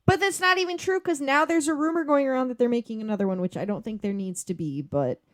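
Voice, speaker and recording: A woman's voice: high-pitched, fast talker, dry recording, studio quality. A woman co-hosting a movie podcast, chatting casually and swearing freely. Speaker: podcast co-host. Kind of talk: casual chat.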